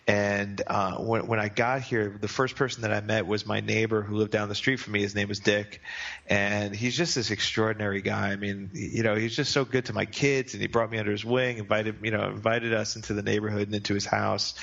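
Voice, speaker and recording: Gravelly-voiced man telling a rambling story. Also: lowish voice, flat delivery, a little fast, a bit bright, lo-fi sound. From New Jersey. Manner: rambling, self-deprecating, many restarts. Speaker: podcast guest. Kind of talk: casual storytelling interview.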